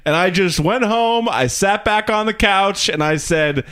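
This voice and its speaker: Guy co-hosting a comedy podcast, kinda high voice, swings up and down a lot. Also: moderate pace, few pauses. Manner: animated storytelling, laughs often. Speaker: podcast co-host. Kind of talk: casual comedic chat.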